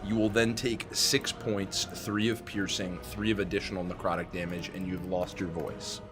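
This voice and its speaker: A man acting as game master, explaining rules and damage in measured speech with fillers. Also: deep voice, flat delivery, over music. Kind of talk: running a tabletop game.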